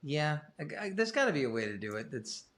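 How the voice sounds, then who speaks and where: A man's voice: on the high side, very animated, a little fast, a bit bright. Rambling middle-aged man, casual chat. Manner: rambling, self-deprecating, swears casually. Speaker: guest musician.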